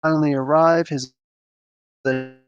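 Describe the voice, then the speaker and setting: A man's voice: a little high, steady tone, normal speed, dull audio. A man hosting a casual livestream, rambling and chuckling as he reacts to chat comments. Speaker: livestream host reading chat.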